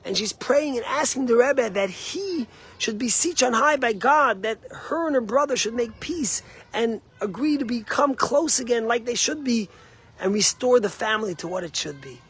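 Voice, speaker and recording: A hushed, heartfelt grown man who is overcome as he talks of his sister, as a rabbi tells it in a sermon. The voice stays high and light, close to the teller's own. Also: animated, moderate pace, husky, exaggerated voice. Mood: moved.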